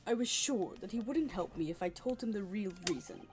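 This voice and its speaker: A woman's voice: mid-range voice, expressive, fairly quick, a little hiss or hum, lightly acted. A woman reading as a bitter ambitious man confessing. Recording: faint music behind.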